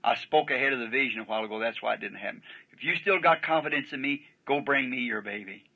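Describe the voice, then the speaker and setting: A preacher tells his story in a bright, forceful voice with a husky grain, folksy and rambling, checking in with his listeners again and again. He comes through a dull, muffled archival tape. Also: mid-range voice, quick pace. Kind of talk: sermon storytelling.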